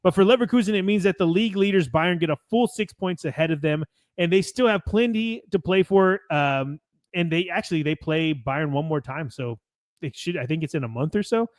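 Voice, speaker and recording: A laid-back American man talks through the weekend's matches, rambling a little and swearing now and then. His voice sits a touch high for a man. The sound is dry and close, with no room echo. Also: brisk. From United States. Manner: rambling, relaxed, swears casually, reads match notes. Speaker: podcast co-host. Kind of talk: casual sports chat.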